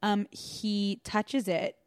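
A woman's voice: medium pitch, level tone, very slow, clean tone, no room sound. Young woman, podcast co-host, casual movie recap, giggly, rambling, dry close sound. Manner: giggly, rambling, many fillers and quoted voices. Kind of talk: casual comedic recap chat.

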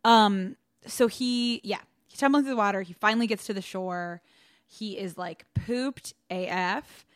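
A woman's voice: mid-range voice, moderate pace, dry recording. A young woman casually recapping a film on a podcast, rambling with lots of fillers and laughing often. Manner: giggly, rambling, many fillers and quoted voices. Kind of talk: casual comedic recap chat.

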